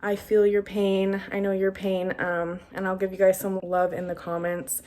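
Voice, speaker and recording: A woman's voice: mid-range voice, completely flat delivery, moderate pace, a little mellow. Chatty young woman vlogging. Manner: chatty, many fillers. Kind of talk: casual talk to camera.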